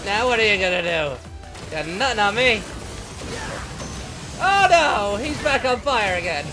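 A man's voice: high-pitched, very animated, measured pace. A man playing a symmetry-obsessed young male reaper, giving short-tempered gameplay commentary and swearing at the game. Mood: annoyed, playful. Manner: easily agitated, swears and yells at the game. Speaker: gamer playing in character. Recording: game music playing behind the voice.

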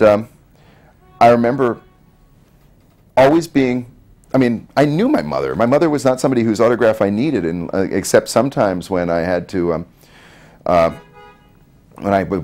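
A man's voice: fairly low pitch, moderate pace, long pauses, a little mellow. A middle-aged man in an interview, telling stories about his mother in a rambling, hesitant way. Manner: rambling, hesitant, with many ums. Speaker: son of an actress, interviewee. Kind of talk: casual storytelling interview.

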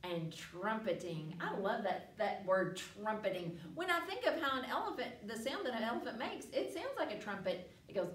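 A woman's voice: fairly high pitch, sing-song, normal speed, hardly any pauses, a bit bright, a little hiss or hum. A woman hosting a library story time, reading aloud to children with playful animal sounds. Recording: echoey room, mic far off.

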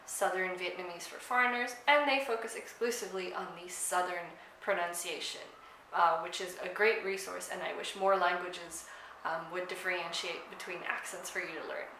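Bright-voiced chatty South African woman. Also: fairly low pitch, steady tone, moderate pace, reverberant, a little hiss or hum, poor audio. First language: Afrikaans. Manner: chatty, with frequent ums and likes. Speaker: language vlogger. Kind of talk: casual explanatory talk to camera.

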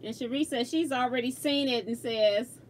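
A high-voiced woman chats casually while she sews on a livestream, laughing easily and reading out viewer comments. Faint room ambience sits behind her voice, picked up by a simple streaming mic. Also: normal speed, slight background noise. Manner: chatty, laughs often, reads viewer comments aloud. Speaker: quilting livestream host.

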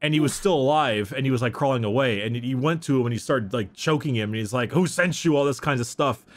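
A man's voice: medium pitch, quick pace. A man in casual chat, retelling a story in a rambling way and acting out the quotes. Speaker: podcast co-host retelling lore.

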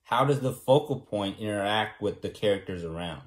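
Rambling self-assured young man, low voice. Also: animated, moderate pace. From California, USA. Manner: rambling and self-assured, keeps asking "right?". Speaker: vlogger. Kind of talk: casual monologue to camera.

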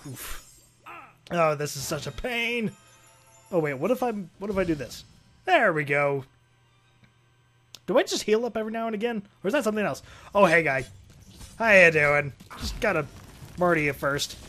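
A man recording let's play commentary as a gaming video host, excitable and exclaiming and laughing often. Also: sits high, normal speed, long pauses, soft background music.

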